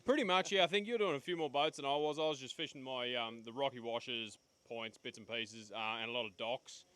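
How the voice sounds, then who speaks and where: Man, quick talker, bright tense tone, casual interview answers. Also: mid-range voice, smooth, dry recording. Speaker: tournament angler.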